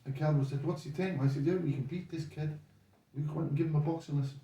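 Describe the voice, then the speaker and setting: A man's voice: a little high, quick pace, far from the mic. An older man, a boxing coach guest, telling rambling stories and acting out the voices of the people in them. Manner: rambling, animated retelling with quoted voices. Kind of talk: casual storytelling chat. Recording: echoey room, voice off-mic.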